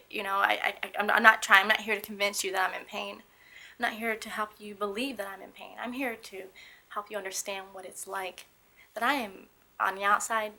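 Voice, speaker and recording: A woman's voice: medium pitch, creaky, sharp tone. A young woman speaking candidly about living with a painful illness, earnest and emphatic, often restarting her sentences. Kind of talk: candid personal testimony.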